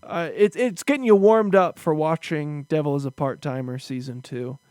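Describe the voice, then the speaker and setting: A man in his thirties, a podcast host in casual chat, telling stories with animated mock outrage. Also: a little high, normal speed, clear, resonant tone, no echo, studio quality.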